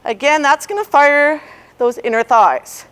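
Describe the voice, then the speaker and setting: A woman's voice: high-pitched, unhurried, fairly bright tone. A woman fitness instructor guiding a ball workout, cueing form and counting reps while she exercises along, a little out of breath.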